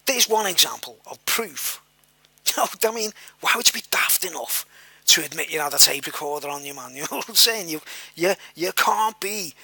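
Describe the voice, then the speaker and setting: A man's voice: high voice, sharp tone, no room sound. A man telling a personal story in a rambling, repetitive way, full of fillers and the odd swear word. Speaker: vlogger.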